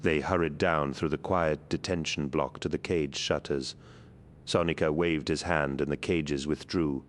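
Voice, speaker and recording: Very deep-voiced male audiobook narrator. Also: steady tone, a little slow, a little hiss or hum.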